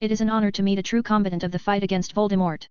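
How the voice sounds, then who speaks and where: A woman voicing a calm, knowing young male leader who speaks in a measured way. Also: medium pitch, clean tone, dry recording, lo-fi sound, close to an everyday voice.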